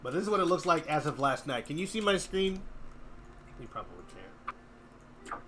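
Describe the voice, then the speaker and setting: A man's voice: on the high side, expressive, normal speed, bright, forceful tone, slight background noise. A man hosting a game development stream, chatting casually and joking while he works. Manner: chatty, thinks aloud, joking. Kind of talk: casual chat while working.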